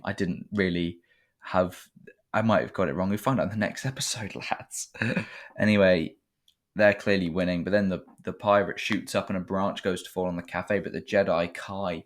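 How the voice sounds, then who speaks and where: A man's voice: sits low, steady tone, normal speed. A man giving a casual, sweary review, rambling and sarcastic.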